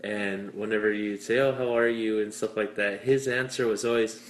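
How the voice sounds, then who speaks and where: A man's voice: lowish voice, steady tone, moderate pace. A young man from Canada hosting a casual podcast chat, cynical and self-deprecating, rambling with fillers. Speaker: podcast host. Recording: echoey room, faint hiss.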